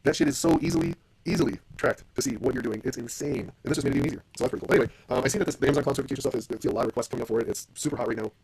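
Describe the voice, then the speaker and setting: Fast-talking gravelly man ranting. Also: medium pitch, animated, a little mellow. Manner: profane, blunt and ranting. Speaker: podcast host. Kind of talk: casual solo podcast monologue.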